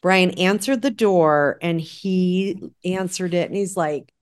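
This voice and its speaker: A woman in casual conversation, telling a personal story in an animated way and acting out the dialogue. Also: fairly low pitch, slow pace, smooth. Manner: animated, acts out quoted dialogue. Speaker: guest sharing a story.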